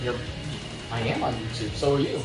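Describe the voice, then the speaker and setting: A co-host of a casual wrestling chat show, giving quick, opinionated remarks. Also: medium pitch. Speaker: podcast co-host. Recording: roomy live stream with background music.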